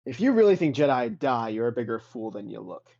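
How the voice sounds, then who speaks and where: Sneering spectral Jedi master, mocking and sarcastic, low and muffled, voiced by a game master. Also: male voice, sing-song, fairly quick, vocal fry, warm tone. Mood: scornful. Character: sarcastic human male Jedi council leader, spectral.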